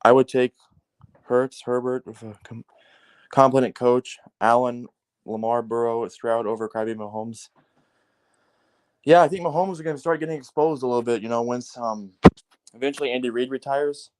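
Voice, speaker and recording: A man's voice: mid-range voice, moderate pace, pauses often, clean tone. A man in a casual, heated sports rant, cursing often and leaning on fillers like "like" and "man". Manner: profane, heated, animated ranting with frequent fillers.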